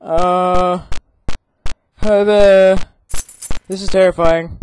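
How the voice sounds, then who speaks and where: A let's play gamer narrates a horror game, talking back to it and reading its on-screen text aloud. The voice is jittery and drawn-out, easily tipping into frightened yelling. A faint hiss sits behind it. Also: medium pitch, lively intonation, low-quality recording.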